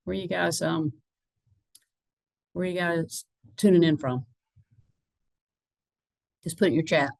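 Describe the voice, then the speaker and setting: A woman's voice: fairly low pitch, slow pace, creaky, pauses often, a little mellow, no echo, rough recording. A woman with a Southern US accent hosting a business webinar in a chatty, casual way, with frequent fillers and restarts. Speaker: webinar host, lending partner. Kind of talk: casual presentation.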